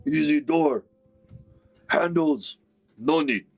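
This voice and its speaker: A man's voice: slow, dry recording, exaggerated voice. A man voicing a dim-witted, boastful male orc guard who talks in broken grammar. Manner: broken grammar, high gruff shouting.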